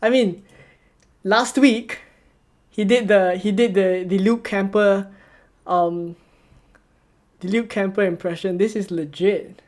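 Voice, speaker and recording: A man hosting a live stream, chatting casually and repeating himself excitedly as news comes in. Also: sits high, slow, long pauses. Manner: excited, repetitive, reacting live. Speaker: livestream host.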